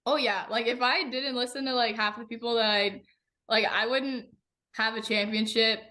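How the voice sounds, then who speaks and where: A young woman guest on a racing podcast, chatting in a bubbly, animated way full of "like" fillers. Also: on the high side, normal speed. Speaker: guest racer. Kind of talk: casual podcast chat.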